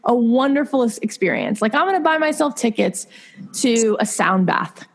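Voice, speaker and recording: A woman's voice: fairly high pitch, sing-song, normal speed, vocal fry. A woman in her thirties, a podcast guest, telling candid personal stories in an earnest, confiding way with many likes and restarts. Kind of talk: candid conversational storytelling.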